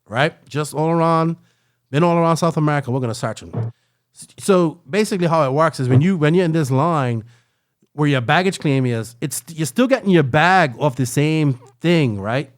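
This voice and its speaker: A man telling a long travel story in casual podcast chat, rambling and animated, tagging lines with "right?" and "like". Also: fairly high pitch, normal speed.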